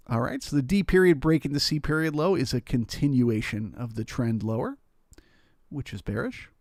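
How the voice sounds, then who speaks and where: A man's voice: medium pitch, expressive, normal speed, darkish tone, no room sound, clean studio sound. A man hosting a live trading stream, explaining the market casually with frequent restarts. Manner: explanatory, talks through charts with restarts.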